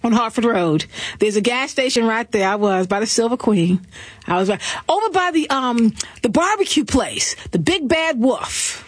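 A woman's voice: fairly high pitch, normal speed, no echo. A middle-aged woman hosting a call-in radio show, telling stories with lots of laughter and acted-out dialogue. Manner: expressive storyteller, laughs often, acts out dialogue. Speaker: radio talk show host. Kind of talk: animated call-in radio chat. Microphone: studio mic.

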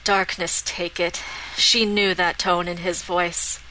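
Bright-voiced woman narrating a fantasy novel. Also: fairly low pitch, flat delivery, slow, a little hiss or hum, low-quality recording. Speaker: audiobook narrator.

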